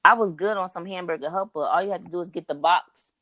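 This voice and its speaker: A young woman co-hosting a podcast, telling stories in a casual, animated, slangy way. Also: lowish voice, fast talker, no room sound. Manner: animated storyteller, slangy, says "like" and "bro" often. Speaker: podcast co-host. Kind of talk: casual chat.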